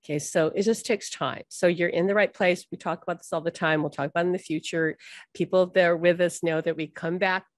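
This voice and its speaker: A woman's voice: on the low side, steady tone, fairly quick, no echo, clean studio sound. A woman spiritual teacher talking casually to her audience, chatty and laughing often, with many fillers like "like".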